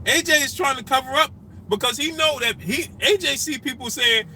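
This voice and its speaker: A man hosting a boxing talk stream, repeating himself emphatically and shouting out viewers by name. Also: extremely high pitch, normal speed, a little hiss or hum, rough recording. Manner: animated, repetitive, emphatic street talk. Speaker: boxing talk show host.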